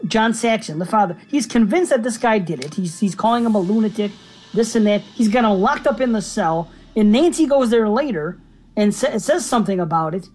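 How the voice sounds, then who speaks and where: A profane, animated man riffs on horror film logic in a casual podcast chat. His voice sits fairly high and swings widely in pitch. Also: brisk, soft background music. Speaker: podcast co-host. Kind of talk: casual movie review chat.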